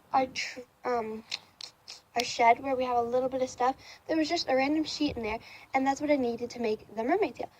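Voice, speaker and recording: A woman's voice: high-pitched, a little mellow, slightly rough, rough recording. A young woman telling a casual storytime on her vlog, rambling with lots of ums, likes and restarts. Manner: rambling, many fillers and restarts. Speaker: vlogger. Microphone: camera facing speaker.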